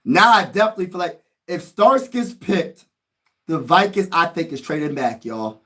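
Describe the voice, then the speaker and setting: A man hosting a casual live stream, reacting excitably and talking straight to his chat in slangy speech, moving from low muttering to loud shouts. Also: normal speed. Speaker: livestream host.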